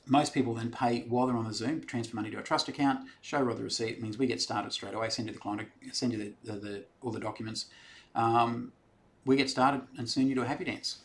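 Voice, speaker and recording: A man's voice: medium pitch, gravelly. An Australian man hosting a live stream, casually chatting and answering viewer questions in a rambling, friendly way. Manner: chatty, rambling, reads out comments and answers them.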